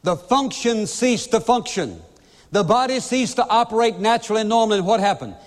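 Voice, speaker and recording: A man's voice: high voice, a little fast. A man preaching a sermon as a pastor, emphatic and full of rhetorical questions to his listeners. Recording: long reverb of a large hall.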